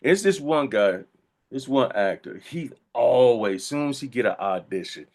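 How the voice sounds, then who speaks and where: Male actor guest, lively storyteller with a swooping pitch and quick laughs; casual tinged talk. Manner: animated, laughing anecdotes with voiced quotes.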